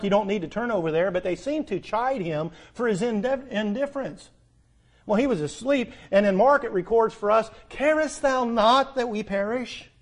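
High-voiced man preaching a sermon. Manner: swings between loud urgent appeals and soft hushed asides.

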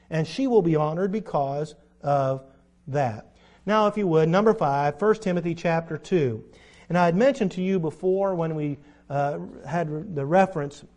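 A male preacher with a fairly high pitch delivers a sermon, reading scripture and speaking emphatically as his voice swells and drops in loudness.

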